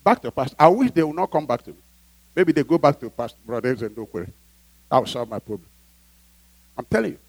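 A man's voice: mid-range voice, animated, brisk, pauses often, a little mellow, no echo, poor audio. A male pastor preaching a sermon emphatically, often asking the congregation to fill in a word.

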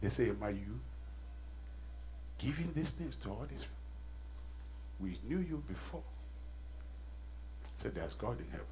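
A man's voice: mid-range voice, sing-song, measured pace, pauses often, mellow, slight background noise. A middle-aged man preaching a sermon, leading call-and-response and repeating phrases with rising intensity. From Nigeria. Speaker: pastor.

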